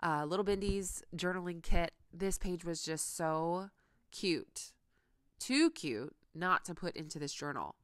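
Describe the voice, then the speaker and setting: A woman's voice: on the low side, expressive, a little slow, clear, resonant tone. Chatty, gushing woman crafting vlogger. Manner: chatty and gushing, with frequent fillers. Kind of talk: casual crafting vlog.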